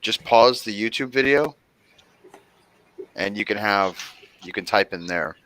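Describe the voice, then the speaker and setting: A man's voice: on the low side, unhurried, fairly bright tone, rough recording. A man chatting casually on a group stream, dry and matter-of-fact, with blunt remarks. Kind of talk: casual chat.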